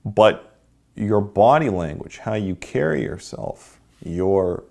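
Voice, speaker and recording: A man's voice: on the low side, expressive, slow pace, gravelly, a little mellow. A man teaching a dating workshop, lecturing and checking in with "okay?" and "right?" after his points. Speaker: dating coach.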